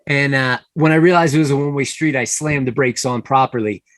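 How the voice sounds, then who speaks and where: A young man who runs a distillery, telling relaxed anecdotes in a casual chat. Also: mid-range voice, fairly quick, no room sound. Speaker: distillery owner guest.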